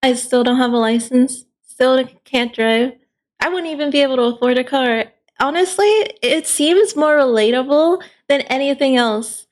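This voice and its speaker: A woman's voice: sits high, normal speed. A woman in her twenties in casual, giggly, easygoing chat while reacting to a video. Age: 20s.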